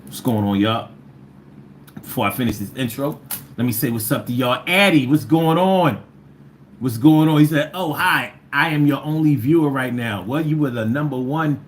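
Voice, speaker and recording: A man's voice: medium pitch, moderate pace, a little hiss or hum. A man from Philadelphia with a Philly accent, hosting a casual livestream and playfully reading out viewer comments, sometimes singing. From Philadelphia, USA. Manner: playful, riffing and breaking into sing-song chants. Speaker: livestream host.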